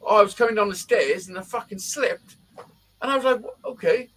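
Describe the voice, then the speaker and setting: A man's voice: high voice, brisk, a bit bright, poor audio. A middle-aged man, telling a rambling story in casual chat and swearing constantly.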